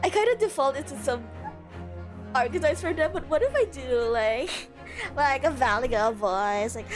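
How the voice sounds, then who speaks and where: A woman streamer chatting casually and excitedly while playing a game, over music. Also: sits high, normal speed. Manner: giggly, excitable. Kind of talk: casual let's-play chat.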